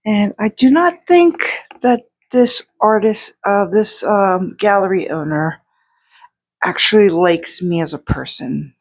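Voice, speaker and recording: A woman's voice: mid-range voice, takes it slowly. Rambling chatty woman vlogging at home. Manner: rambling, chatty, many restarts and fillers. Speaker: outsider artist vlogger. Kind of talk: casual chat to camera.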